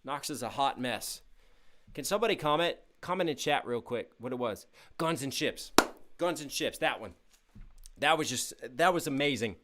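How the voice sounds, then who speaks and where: A man's voice: mid-range voice, animated, normal speed, a little hiss or hum. A young man hosting a casual livestream, reading out donations and chat messages with upbeat energy, a little tired. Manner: upbeat, hyped shout-outs to chat. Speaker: livestream host.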